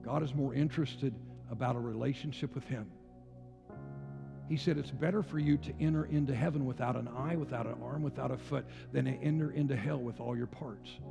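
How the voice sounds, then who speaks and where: A man in his sixties, a pastor, preaching with passionate rising declarations and quieter storytelling. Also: medium pitch, brisk, gravelly. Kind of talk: sermon. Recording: long hall reverb with faint music.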